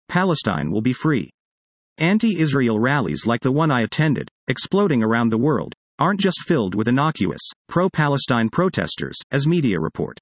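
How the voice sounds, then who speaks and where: A man reading an opinion article aloud in a steady, measured way. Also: mid-range voice, no room sound. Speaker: article reader.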